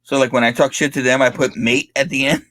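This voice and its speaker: A man's voice: mid-range voice, steady tone, fast, a bit bright, dry recording. Laughing, cursing podcast co-host man. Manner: laughs often, swears freely, lots of likes and restarts. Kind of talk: casual chat.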